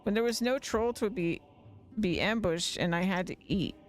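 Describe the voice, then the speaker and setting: A streamer voicing a man in a bear suit who poses as a grandiose mountain god, speaking in slow, menacing pronouncements. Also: medium pitch, natural voice. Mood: confiding. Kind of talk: reading game dialogue aloud on a livestream.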